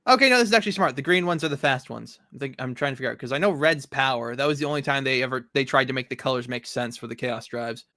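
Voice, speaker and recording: A man's voice: medium pitch, fast talker, few pauses, pushed and bright, no room sound, clean studio sound. A man co-hosting a casual comic discussion, sarcastic and rambling, swearing freely. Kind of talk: casual chat.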